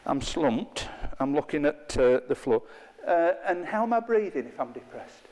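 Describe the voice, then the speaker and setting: A man's voice: a little high, sing-song, normal speed, darkish tone, long reverb tail. A middle-aged man, leading an interactive workshop with a live group in a chatty, playful, self-mocking way. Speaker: workshop trainer. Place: training room with a live group.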